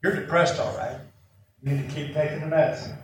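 Male preacher, high voice, animated self-mocking storyteller, heard from afar in a very echoey hall. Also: a little fast, a little hiss or hum. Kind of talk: sermon. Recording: echoey room from far off.

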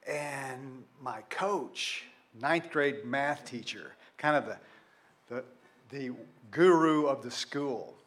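A man's voice: medium pitch, expressive, takes it slowly, a bit bright. A man, preaching a sermon and telling a story from his youth in a conversational way, full of rhetorical questions. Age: 60s. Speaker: pastor.

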